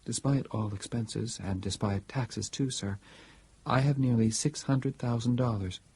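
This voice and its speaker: A man reading an audiobook, voicing a polite, calm male household robot who speaks formally and quietly. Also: mid-range voice, measured pace, husky, no echo.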